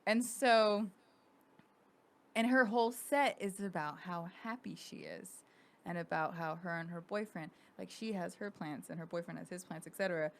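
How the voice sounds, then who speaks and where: A woman's voice: fairly low pitch, moderate pace. A woman hosting a podcast, gossiping in a chatty, profane way and laughing often. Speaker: podcast host. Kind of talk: casual gossip chat.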